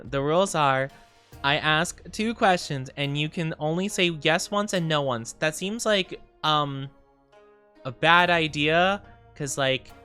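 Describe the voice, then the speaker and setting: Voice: mid-range voice, bright, forceful tone, clear, resonant tone. Giggly streamer chatting with viewers. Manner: bubbly, giggly, playful, rambling with many fillers. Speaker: VTuber streamer. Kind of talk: casual livestream chat with viewers.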